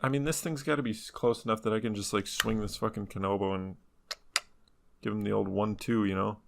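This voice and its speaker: A man's voice: fairly low pitch, fairly even intonation, a little fast, vocal fry, very noisy. A man co-hosting a podcast, bantering casually through an improvised fight role-play, laid-back and swearing freely. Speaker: podcast co-host.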